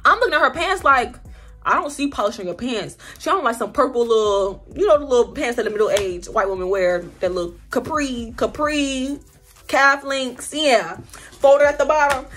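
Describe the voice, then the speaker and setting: A young woman telling a storytime vlog in an animated, slangy way, acting out the people in her story. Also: high-pitched, normal speed, soft background music. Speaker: vlogger.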